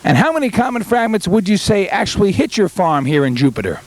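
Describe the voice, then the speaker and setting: A man as a news reporter in a comedy sketch, with a smooth mock-news delivery. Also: high voice, big pitch swings, fast talker.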